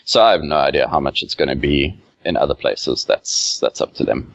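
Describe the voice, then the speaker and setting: A man's voice: very deep voice, animated, fairly quick, gravelly, no echo. A man, a game developer guest, chatting casually on a podcast, rambling with many fillers. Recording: dull lo-fi remote audio.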